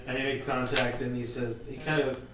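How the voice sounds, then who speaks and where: A man's voice: medium pitch, flat delivery, moderate pace, recorded from a distance. A man narrating as game master, describing scenes with loose restarts. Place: room with several players. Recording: echoey room, mic from afar, group chatter.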